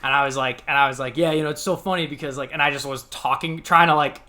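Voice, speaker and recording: A man in his thirties from the United States, co-hosting a podcast and telling childhood stories in a lively, laughing way, acting out the voices in them. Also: on the high side, fast talker. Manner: animated, laughing, acts out quotes. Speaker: podcast co-host. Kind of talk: casual storytelling chat.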